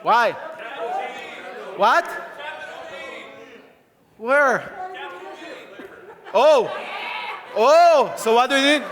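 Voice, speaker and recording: Brief: male conference speaker, high and slow-paced, playful, laughs a lot, roomy hall sound with crowd. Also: expressive, a bit bright. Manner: playful, laughing often, directing volunteers. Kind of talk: live coding talk on stage. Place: conference stage. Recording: echoey conference hall with audience.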